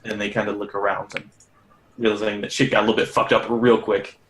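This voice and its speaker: A man's voice: on the low side, level tone, quick pace, fairly bright tone. A man narrating as game master of a tabletop game in a casual, profane, laughing way. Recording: echoey room.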